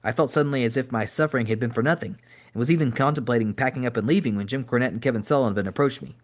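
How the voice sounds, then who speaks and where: A man reads a first-person audiobook at a fast clip, with a wry edge to the telling. His voice sits at a middle pitch, and the pace stays quick throughout. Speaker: podcast host reading an audiobook. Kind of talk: audiobook narration.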